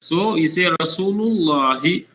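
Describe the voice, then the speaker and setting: A man teaching an Arabic lesson to a child, patient and slow, repeating each word to drill it. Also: on the high side, animated, bright, forceful tone, poor audio. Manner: patient, repeats words slowly to drill them. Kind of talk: one-on-one language lesson for a child.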